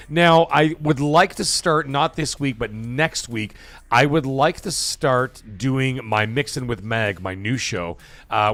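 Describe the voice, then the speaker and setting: A man's voice: mid-range voice, no room sound. A man hosting a live stream, chatting casually and rambling, with frequent swearing. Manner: profane, rambling, animated.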